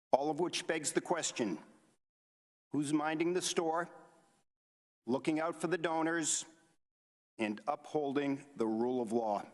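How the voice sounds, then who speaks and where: Man reading a formal opening statement. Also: a little high. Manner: measured, reads from prepared remarks. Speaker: committee member chairing a hearing. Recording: hearing room with long reverb.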